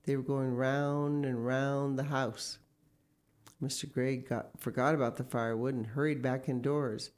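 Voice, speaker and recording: A woman's voice: very deep voice, steady tone, measured pace, darkish tone. A woman reading a children's story aloud expressively, with casual asides. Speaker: story reader.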